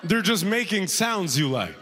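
Stand-up comic, male; animated, lively delivery in a slightly raised voice, checking in with the crowd. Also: high-pitched, normal speed. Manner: animated storytelling, frequent "right?" asides. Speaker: stand-up comedian. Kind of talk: stand-up comedy routine.

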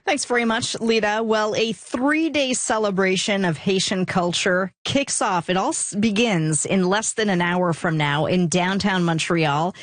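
A woman radio host who introduces the segment and interviews a guest in a friendly, smooth presenter manner. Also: medium pitch, unhurried, few pauses, no echo. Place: radio studio.

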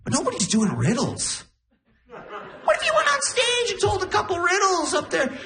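A man's voice: extremely high pitch, wildly swooping pitch, normal speed, heavy background noise, voice pushed up, heavily acted. A man on a comedy stage voicing his scatterbrained, well-meaning mother in a chirpy, earnest way.

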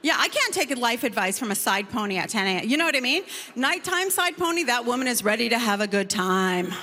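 A woman comedian performing a stand-up set on stage, telling a story in a lively, conversational way. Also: on the high side, brisk, in a large hall.

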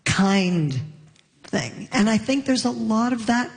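A woman's voice: on the high side, lively intonation, takes it slowly, gravelly, long reverb tail. A woman from Canada chatting casually on a panel, telling anecdotes and laughing as she talks. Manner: storytelling, laughs while talking. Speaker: panel guest. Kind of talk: casual chat.

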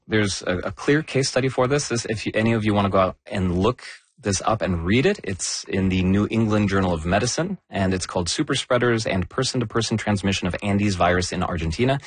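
A man with a low, slightly husky voice hosts a science podcast and explains the news in a measured, conversational way. He stresses key words as he goes. The sound is close and dry. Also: dry recording. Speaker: podcast host.

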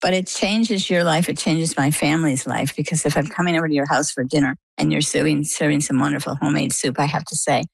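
A middle-aged woman from Maine tells her own story in an interview, acting out the voices of the people in it. Her voice sits low with a gravelly edge. The sound is dry and close. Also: fast talker, hardly any pauses, no echo, rough recording. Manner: animated storytelling, acts out quoted dialogue. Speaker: interview guest.

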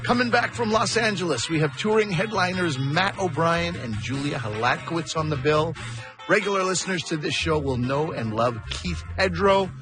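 Upbeat radio show host over music. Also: male voice, fairly high pitch, lively intonation, normal speed. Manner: upbeat, promotional. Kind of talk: scripted announcement. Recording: broadcast with music bed.

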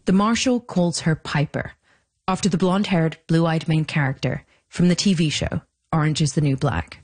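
A woman host giving measured, scripted narration for a documentary podcast. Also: low-pitched, a little mellow.

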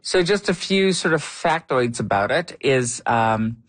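A chatty call-in radio host who reads listener emails aloud and laughs easily. The voice sits at a middle pitch. The studio sound is dry and close. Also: animated, a little slow, dry recording. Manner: chatty, curious, laughs often.

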